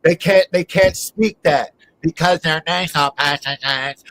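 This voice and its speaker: A man's voice: on the high side, steady tone, measured pace, hardly any pauses, fairly bright tone, no echo, poor audio. A man hosting a live online talk show, delivering a rambling, emphatic monologue. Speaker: host.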